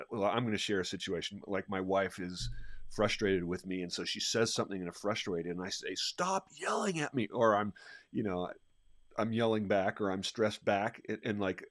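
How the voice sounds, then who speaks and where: A man who is a leadership coach, talking in an energetic, animated way and restarting his sentences often. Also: fairly low pitch, no echo, studio quality. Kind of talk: conversational podcast discussion.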